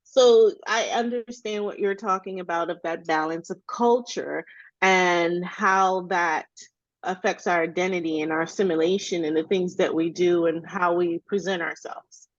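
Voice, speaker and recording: A woman's voice: fairly low pitch, normal speed, dry recording. US-raised woman on a dry, muffled line. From United States. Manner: storytelling, animated when quoting others. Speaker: podcast co-host, educator. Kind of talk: conversational educational podcast.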